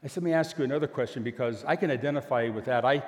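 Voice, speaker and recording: An older man preaching a sermon, telling a story and acting out both sides of a conversation in an animated way. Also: mid-range voice, very fast. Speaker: pastor. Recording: long hall reverb.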